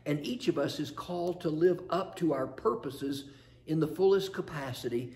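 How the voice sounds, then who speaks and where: A man's voice: a little high, moderate pace, a little mellow, a little hiss or hum. A man preaching a sermon as pastor in a chapel, earnest and storytelling, posing rhetorical questions.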